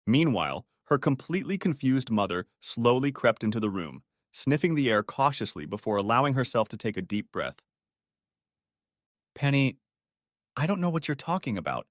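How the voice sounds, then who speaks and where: A man narrating an audiobook story in an expressive, animated way. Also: medium pitch, no echo, studio quality.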